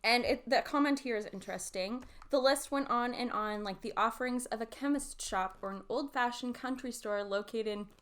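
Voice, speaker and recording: A woman co-hosting a podcast in casual chat, giggly and quick with sarcastic asides. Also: a little high, fairly bright tone. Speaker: podcast co-host.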